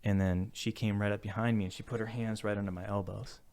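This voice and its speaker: Male podcast co-host, lowish voice, dry close sound; earnest, rambling delivery with frequent fillers. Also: flat delivery, quick pace, a little mellow, dry recording. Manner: rambling, many fillers and restarts; earnest and reflective. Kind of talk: casual podcast conversation.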